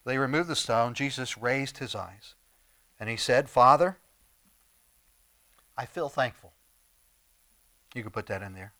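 A man preaching a sermon, swinging between loud emphatic lines and soft, low asides. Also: moderate pace.

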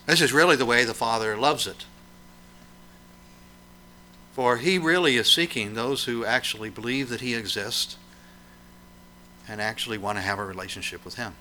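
A man delivering a sermon with a very bright, ringing tone. He preaches emphatically, firing questions at his listeners and letting his voice rise and fall to drive points home. His pitch sits in an ordinary middle range. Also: moderate pace, long pauses, slight background noise.

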